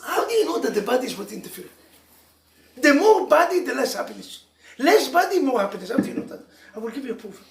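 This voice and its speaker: Animated rabbi preaching in an echoey room. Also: male voice, very high-pitched, fast talker, gravelly. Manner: animated storytelling with laughs and sudden loud emphasis. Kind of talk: sermon to a live audience. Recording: echoey room, mic from far off.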